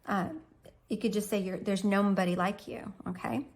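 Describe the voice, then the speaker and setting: A woman's voice: medium pitch, fairly even intonation, normal speed. A woman in her thirties giving a chatty, encouraging step-by-step drawing lesson for kids, thinking aloud as she draws. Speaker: art teacher.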